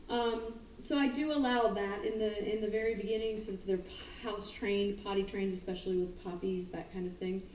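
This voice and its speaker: A woman who trains dogs, talking casually and animatedly, often acting out the dogs' thoughts and her own excited calls. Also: a little high, a little hiss or hum. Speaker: dog trainer. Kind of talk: casual talk on dog training. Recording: roomy, distant mic, faint ambience.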